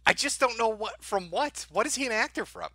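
Bright-voiced man mocking with laughter. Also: high voice, lively intonation, brisk, no echo. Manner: profane, laughing, mocking asides. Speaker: stream host. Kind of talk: casual live-stream commentary.

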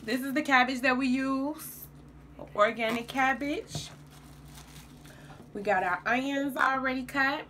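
A woman with a somewhat high voice talks unhurriedly through a home cooking vlog. She chats to her viewers as she works in her kitchen, with a faint hum of background noise. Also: measured pace, pauses often, bright, forceful tone. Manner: chatty, addresses viewers while cooking. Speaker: home cook vlogger.

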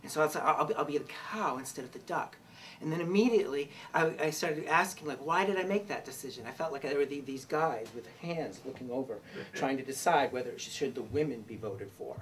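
A woman's voice: low-pitched, fast talker, slight background noise. A woman telling a rambling personal story to a group, laughing and restarting often. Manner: animated, laughing, many restarts. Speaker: workshop participant telling a story. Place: room with a group. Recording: distant mic with a crowd in the room.

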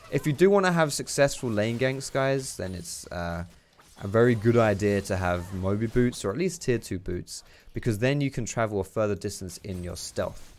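A young man giving casual, excitable gameplay commentary, chatty and swearing freely. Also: on the low side, slight background noise. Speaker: gaming YouTuber.

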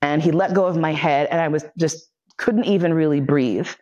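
A woman's voice: low voice, normal speed, mellow, highs cut off. Frank, profane woman telling a story. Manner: frank and profane, acts out quoted voices. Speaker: lecturer. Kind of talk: personal storytelling in a lecture.

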